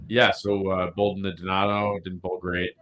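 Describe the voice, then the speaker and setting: A man's voice: low-pitched, level tone, normal speed, fairly bright tone. A man co-hosting a casual bowling podcast, rambling with many fillers and laughing often. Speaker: podcast co-host.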